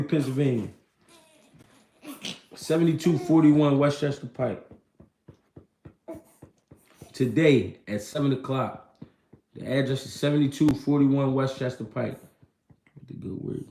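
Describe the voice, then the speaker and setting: Livestream host, male, gravelly and laid-back, slangy chatter, echoey room. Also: medium pitch, a little mellow. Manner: loose, slangy, reads and answers viewer comments. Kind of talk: casual livestream chat about boxing.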